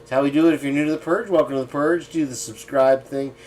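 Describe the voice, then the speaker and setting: A man's voice: mid-range voice, steady tone, fast, a little mellow, slight background noise. Man hosting a live stream, sarcastic. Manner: sarcastic asides between quoted comments, frequent chuckles. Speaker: livestream host. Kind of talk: casual live-stream commentary, reading viewer comments aloud.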